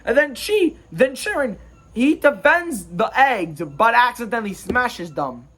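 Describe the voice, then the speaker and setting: A man's voice: extremely high pitch, big pitch swings, unhurried, pushed and bright. A man giving a casual, rambling and jokey recap of a film as a reviewer. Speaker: movie reviewer.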